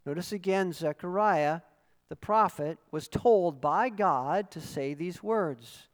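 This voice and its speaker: Pastor preaching in a reverberant hall. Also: male voice, high voice, slow. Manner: earnest teaching, rising to emphatic exclamations. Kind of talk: sermon.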